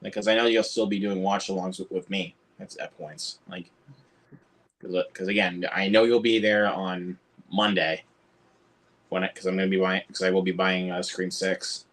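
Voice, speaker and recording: A young man with an American accent chats casually on a movie livestream. His voice sits fairly low. He rambles and restarts his sentences often. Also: level tone, normal speed, fairly bright tone. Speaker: livestream co-host, film reviewer.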